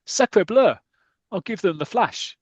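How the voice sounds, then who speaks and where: A man reads out an airfield worker in a panic. He, his voice rides up high, and the raised, urgent delivery sits in a close, dry sound. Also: lively intonation, takes it slowly, slightly rough, no room sound, exaggerated voice. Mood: alarmed.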